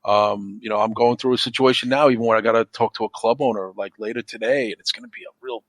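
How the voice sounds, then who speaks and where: Low-voiced man rambling on a podcast. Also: steady tone, quick pace, no room sound. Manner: rambling, repeats himself, frequent "you know". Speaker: podcast guest. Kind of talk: casual conversation.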